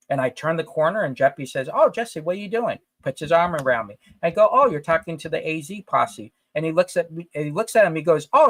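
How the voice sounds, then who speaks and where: A man co-hosting a casual podcast, telling stories in an emphatic, animated way. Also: on the high side, no room sound. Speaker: podcast co-host, comic retailer. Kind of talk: casual chat.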